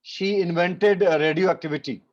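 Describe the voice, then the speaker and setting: A man with an Indian accent teaching French in an online class, repeating each phrase slowly and mixing English with Hindi. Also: high voice. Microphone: video call. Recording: muffled video call audio.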